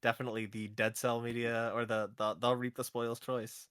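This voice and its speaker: A man co-hosting a gaming podcast in casual chat, chatty and quick to laugh, often restarting his phrases. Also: medium pitch, flat delivery, a bit bright, clean tone, no room sound, clean studio sound. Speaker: podcast co-host.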